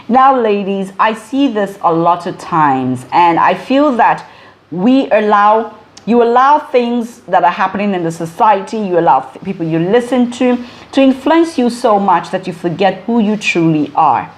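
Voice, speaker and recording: A woman's voice: mid-range voice, expressive, measured pace. A woman in her forties, a former broadcaster, giving communication advice straight to camera with emphatic, repeated phrasing. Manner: emphatic, list-like repetition of phrases. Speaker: vlogger and communication coach. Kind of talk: direct-to-camera advice talk.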